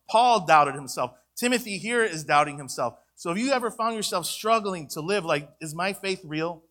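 Bright-voiced man preaching emphatically. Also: on the high side. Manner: emphatic preaching with repeated rhetorical questions. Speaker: pastor. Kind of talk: sermon.

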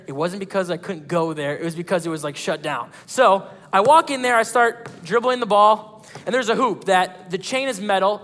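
A man's voice: sits high, bright, forceful tone, big-room sound. A young man preaching as a pastor, telling stories in a casual, conversational way with playful asides. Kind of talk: sermon. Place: church hall.

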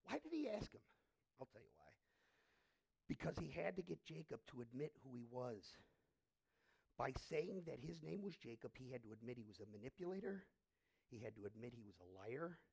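A middle-aged man preaching a sermon as pastor in a church, swinging from hushed, intimate lines to loud, emphatic ones. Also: mid-range voice, very animated, normal speed, gravelly, long pauses, slightly rough.

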